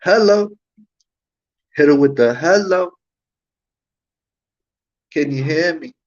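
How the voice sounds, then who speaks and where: A man's voice: on the high side, lively intonation, slow, darkish tone. A man hosting a livestream, ranting heatedly and profanely with repeated rhetorical questions. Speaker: livestream host. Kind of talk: livestream commentary rant. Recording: dull lo-fi stream audio.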